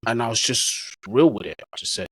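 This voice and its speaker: A man's voice: mid-range voice, lively intonation, brisk, a bit bright, slightly rough, dry recording, rough recording. A man, a football content creator, telling stories in a casual, slang-heavy way as a guest in an interview. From England. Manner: easygoing, slang-heavy storyteller.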